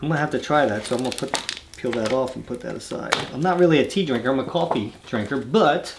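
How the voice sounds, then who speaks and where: Reading fan mail on his own channel, this man speaks fast in a medium-pitched, expressive voice with some creak, over a noisy background. Between letters he chats loosely and wanders off on relaxed tangents.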